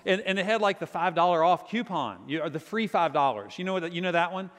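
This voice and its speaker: Virginia guy preaching, kinda high voice, tells stories doing the voices, big echoey church. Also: fast talker. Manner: storytelling with lively quoted voices. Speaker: pastor. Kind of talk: sermon.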